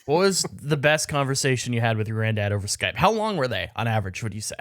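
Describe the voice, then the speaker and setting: A man co-hosting a podcast, cracking deadpan jokes in casual chat. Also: medium pitch, fast, dry recording, studio quality. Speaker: podcast co-host.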